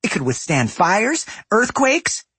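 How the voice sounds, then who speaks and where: A man doing a naive, high-voiced goblin woman. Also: huge pitch swings, slow pace, sharp tone, breathy edge, no echo, full character voice. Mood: earnest. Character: naive cheerful young goblin woman inventor. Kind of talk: audiobook character voice.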